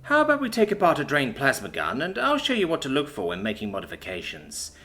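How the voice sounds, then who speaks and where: A man's voice: medium pitch, wildly swooping pitch, quick pace, pushed and bright, pitched above the performer's own voice. A man voicing a wry, seasoned female soldier. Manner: matter-of-fact, wry, sometimes stern. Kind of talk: audiobook character voice.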